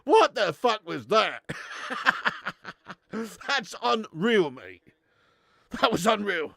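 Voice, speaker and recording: A man's voice: high-pitched, big pitch swings, very slow, creaky, a bit bright, dry recording, clean studio sound. A man hosting a live football watch-along, reading out viewers' comments, swearing and laughing in laddish banter.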